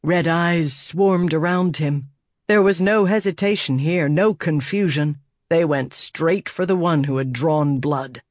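A man narrating a fantasy audiobook in a steady, measured storytelling voice. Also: fairly high pitch, no echo, clean studio sound.

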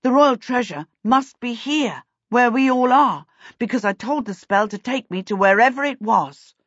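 A woman doing an eager young boy, high and bright. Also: normal speed, breathy edge, no room sound, muffled recording. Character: cheerful eager young boy wizard apprentice.

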